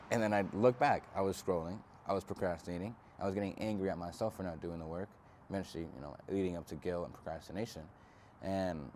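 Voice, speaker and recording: An earnest young man talks through a self-help vlog in a casual, reflective way, with slang. His voice sits very low. He is outdoors, and faint traffic hums behind him. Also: a little mellow. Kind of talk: casual motivational talk to camera.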